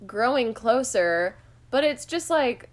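A woman's voice: fairly high pitch, lively intonation, slow pace. A woman co-hosting a podcast, recapping a movie plot in casual, wry chat full of "like" fillers. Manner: chatty, wry, lots of "like" fillers.

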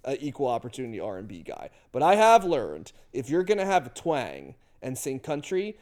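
A man's voice: mid-range voice, wildly swooping pitch, moderate pace, darkish tone. A man from the US Northeast co-hosting a podcast, chatting casually about music and thinking aloud with lots of fillers. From US Northeast, near New York and Philadelphia. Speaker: podcast co-host.

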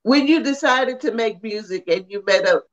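A podcast host asking questions in a relaxed, unhurried way during a casual interview. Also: medium pitch. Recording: dull, muffled lo-fi sound.

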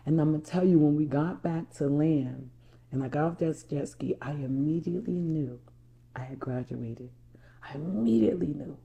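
A woman's voice: low-pitched, moderate pace, creaky, dark tone. A woman from New Jersey, a life coach, telling a personal story to viewers in an emphatic, repetitive way and calling them y'all. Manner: emphatic, repeats herself, addresses viewers as y'all.

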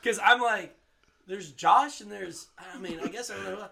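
A man telling a story in casual chat, swearing and laughing often and dropping his voice low. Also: normal speed, gravelly, crowd noise. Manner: laughing, profane, drops voice low.

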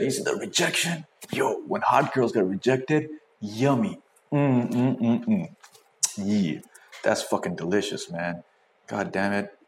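A man hosting a casual podcast, reacting to clips with crude, profane commentary and loud whoops. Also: lowish voice. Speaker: podcast host. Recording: echoey room, faint noise.

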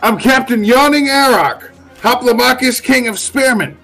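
A booming beast-man spear captain, as a man puts him on. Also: normal speed, bright, forceful tone, faint music behind, full character voice. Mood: grandiose. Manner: grandiose, proclaiming. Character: boastful male half-beast captain of spearmen.

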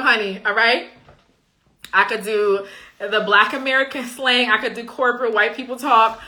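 Bright-voiced woman chatting with viewers. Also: on the high side, normal speed. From Liberia. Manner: chatty, emphatic, often says "okay?". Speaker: coach and live-stream host. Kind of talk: casual live chat answering viewer comments.

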